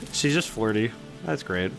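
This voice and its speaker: A man's voice: fairly low pitch, animated, takes it slowly, creaky, faint music behind. Rambling man streaming a game. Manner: rambling, musing aloud. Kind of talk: casual let's-play commentary.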